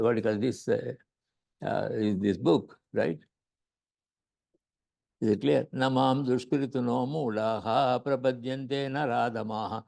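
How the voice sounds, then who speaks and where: A man with an Indian accent lectures on scripture as a yoga teacher. His voice is gravelly and mellow. He repeats his words and often checks in with "right?". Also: medium pitch.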